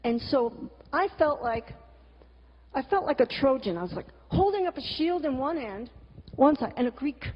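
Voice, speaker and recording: A woman's voice: high-pitched, animated, normal speed. A middle-aged woman giving a talk, a frank storyteller who swears freely and throws in exasperated asides. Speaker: cartoonist and teacher giving a talk. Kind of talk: candid storytelling talk with slides. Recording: lo-fi recording with long hall reverb.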